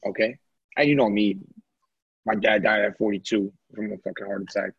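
A man's voice: lowish voice, fairly even intonation, brisk, gravelly, husky, dry recording, dull audio. A man on a podcast telling a story in casual chat, blunt and profane. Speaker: podcast co-host.

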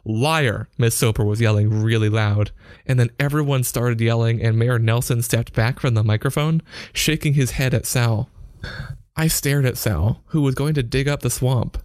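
A man reading a short story aloud in a measured storytelling voice. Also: medium pitch, darkish tone, dry recording. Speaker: narrator.

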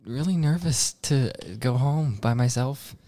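A young man co-hosting a podcast, talking in a low, hushed voice and joking around. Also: a little slow. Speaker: podcast co-host. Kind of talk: casual podcast chat.

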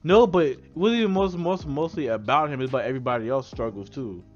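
A man's voice: mid-range voice, fast talker, dull audio, soft background music. A man co-hosting a casual podcast, recapping eagerly in slangy talk and acting out characters' lines. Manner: excited slangy recapping, acts out quotes. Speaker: podcast co-host. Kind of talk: casual chat.

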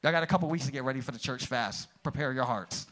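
A man preaching a sermon as pastor in a church, swinging from loud high peaks down to low quiet asides and calling out to the congregation. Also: fast talker. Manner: energetic, rises to high shouted peaks then drops low; calls out "come on", "praise the Lord" to the congregation.

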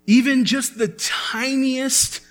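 A man's voice: very high voice, steady tone, takes it slowly, fairly bright tone. A man preaching a sermon as pastor, earnest and building to emphatic peaks.

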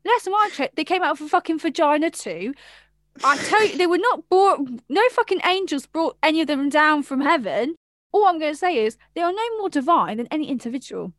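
A woman co-hosting a casual chat podcast from England, an animated storyteller who swears and laughs a lot. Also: sits high, a little fast, dry recording, studio quality. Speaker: podcast co-host.

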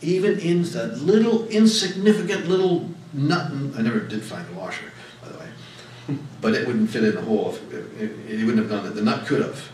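Here the preacher's fairly low voice moves briskly, hardly pausing, as he spins folksy personal anecdotes and punches key words with emphatic rises. It's recorded from a distance in an echoey room with slight background noise.

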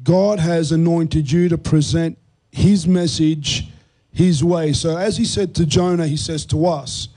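Host, NY-man, slightly high but dark, mellow voice, earnest explainer. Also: steady tone, a little slow, low-quality recording. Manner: earnest teaching tone with fillers. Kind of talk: Christian talk show discussion.

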